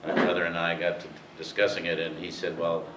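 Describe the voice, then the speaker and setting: An older man with a low-pitched, completely flat voice tells rambling racing anecdotes to an audience at a brisk clip, full of fillers. The recording sounds roomy and distant, with faint hiss.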